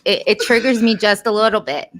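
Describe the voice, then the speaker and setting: A woman's voice: medium pitch, fairly quick, background noise. A woman co-hosting a casual chat on a video call, candid and chatty. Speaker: co-host.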